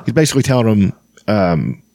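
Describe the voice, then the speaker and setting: A man with a lowish, sing-song, dark-toned voice hosts a podcast, reading fantasy novel passages and chatting about them. He's halting, full of ums and restarts, and the recording is dry.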